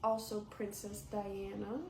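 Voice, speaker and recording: A woman's voice: mid-range voice, monotone, unhurried. A young woman in her twenties chatting on a podcast with a friend, teasing and playful. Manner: teasing, playful, bursts into yelling. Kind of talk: casual podcast chat. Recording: echoey room, faint background noise.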